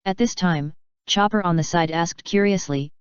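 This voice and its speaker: A woman narrating a fanfiction audiobook in a steady, even read-aloud manner. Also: on the low side, moderate pace, clean tone, no room sound, lo-fi sound.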